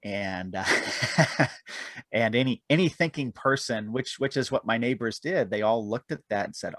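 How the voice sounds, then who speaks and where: A man's voice: on the low side, measured pace, fairly bright tone, no room sound. A man being interviewed on a podcast, telling long self-deprecating stories and laughing often. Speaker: guest, aerial cameraman and author.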